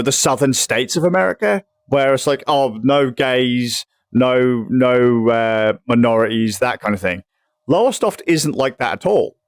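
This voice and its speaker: A man's voice: mid-range voice, no echo. A young man from England ranting in casual chat on a livestream, swearing freely and rambling. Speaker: livestream host.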